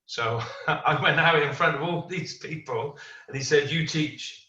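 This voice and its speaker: Martial arts instructor in a roomy hall. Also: male voice, fairly high pitch, a little slow. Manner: storytelling, animated quoting of others. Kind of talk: class teaching with anecdote. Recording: roomy, distant, dull lo-fi.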